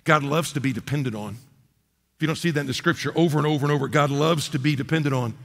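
A man preaching a sermon, swinging between loud emphatic peaks and low, quiet asides. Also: fast talker, gravelly. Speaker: pastor. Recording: long hall reverb.

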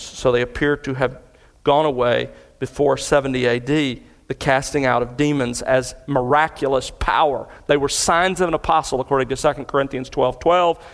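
A man's voice: medium pitch, gravelly. A male pastor preaching an expository sermon in an earnest tone that builds in intensity as he retells events. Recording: long reverb of a large hall.

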